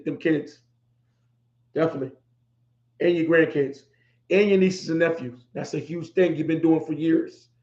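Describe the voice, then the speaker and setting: A man's voice: fairly high pitch, mellow. Emotional middle-aged man in an echoey room. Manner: emotional, repeats himself for emphasis. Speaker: podcast host. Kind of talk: heartfelt livestream talk. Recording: echoey room, dull lo-fi sound.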